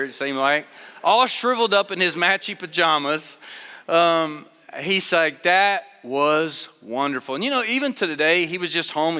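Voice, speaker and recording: A man's voice: sits high, sharp tone. A middle-aged man giving a chapel sermon, telling stories in a humorous, conversational way. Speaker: chapel speaker. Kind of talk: storytelling sermon. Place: large chapel hall. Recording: long hall reverb.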